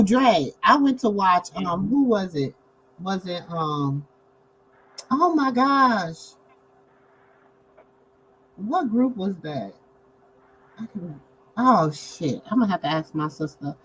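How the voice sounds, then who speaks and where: A middle-aged woman, chatting casually as co-host and telling stories in a lively, colloquial way, laughing often. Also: slow, long pauses, a little hiss or hum, low-quality recording. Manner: animated storytelling, lively swings in pitch. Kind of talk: casual chat.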